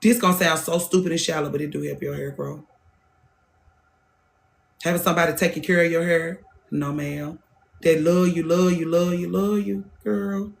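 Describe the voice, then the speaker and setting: A woman's voice: deep voice, steady tone, moderate pace, creaky, pauses often. Woman in her thirties, hairstylist hosting her own show; blunt, profane, repeats herself for emphasis. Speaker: hairstylist and podcast host. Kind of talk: casual monologue.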